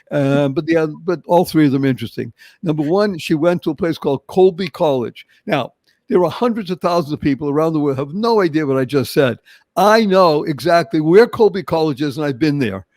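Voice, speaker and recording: Lively older Boston man hosting. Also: fairly high pitch, no echo. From Boston, Massachusetts. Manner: animated, emphatic storytelling. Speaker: show host. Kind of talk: motivational podcast interview.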